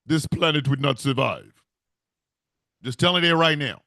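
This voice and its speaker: A man's voice: a little high, expressive, moderate pace, bright, forceful tone, no room sound, clean studio sound. A man hosting a casual stream, talking emphatically, swearing and laughing often. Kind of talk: casual livestream chat.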